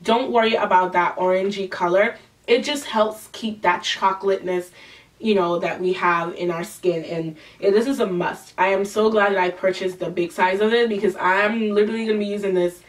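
A woman's voice: medium pitch, steady tone, normal speed. A young woman with a nasal voice talks through a casual makeup review, gushing and often stopping to restart her sentences. Her voice sits in an ordinary middle range, and she sounds a little distant from the microphone. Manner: chatty, gushing, with frequent fillers and restarts. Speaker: beauty vlogger.

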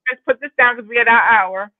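A woman's voice: a little high, a little fast, very noisy. A woman from the Bronx, co-hosting a casual chat and steering the segments. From the Bronx, New York. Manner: chatty, wraps up segments. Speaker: co-host. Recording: tinny phone-like line.

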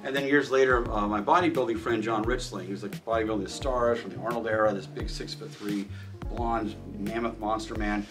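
A man's voice: lowish voice, steady tone, a little fast, recorded from a distance, over music. Rambling man telling range stories, swearing freely. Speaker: shooting range owner and firearms trainer. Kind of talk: casual storytelling in an interview.

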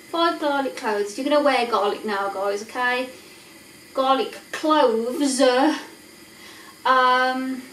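A woman's voice: on the high side, a little hiss or hum. A woman chatting casually and mocking herself as she cooks in her home kitchen, recorded on a camera set back across the room. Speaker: home cooking vlogger. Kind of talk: casual cooking vlog chat. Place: home kitchen with boiling pots. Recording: echoey kitchen from a distance.

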